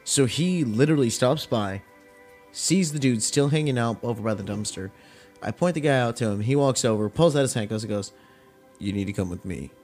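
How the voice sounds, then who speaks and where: Young man, mid-pitched, casual and foul-mouthed, tells stories with lots of energy. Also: brisk, faint music behind. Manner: profane, animated retelling with acted-out quotes. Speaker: podcast host. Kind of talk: casual storytelling rant.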